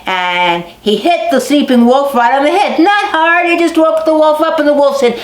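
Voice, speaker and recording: A woman telling animal folk tales to children, lively and dramatic, stretching words for effect. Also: high-pitched, moderate pace, hardly any pauses. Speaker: storyteller. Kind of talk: storytelling to children. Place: basket making barn. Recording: echoey barn recording.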